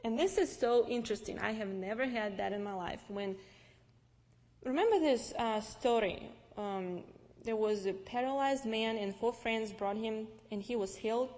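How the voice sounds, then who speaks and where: A young woman with a Russian accent, Russian-speaking by birth, telling her personal faith story to an audience in a lively, storytelling way. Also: a little high, normal speed. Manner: lively storytelling with restarts and acted-out dialogue. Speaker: speaker giving testimony. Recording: long reverb from a large hall.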